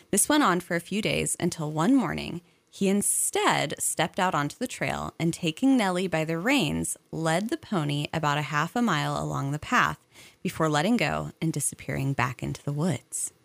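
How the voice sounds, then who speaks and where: A woman with a low, steady voice narrates a piece of local history for a podcast, reading at a measured pace with small spoken asides. The sound is dry and close, with almost no room in it. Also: vocal fry, dry recording. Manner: measured storytelling, conversational asides. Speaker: museum historian, co-host.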